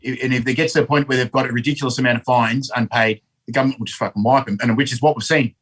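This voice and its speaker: Bright-voiced Australian man, swearing freely. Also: mid-range voice, racing, poor audio. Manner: swearing, animated, rambling. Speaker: podcast guest. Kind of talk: casual storytelling.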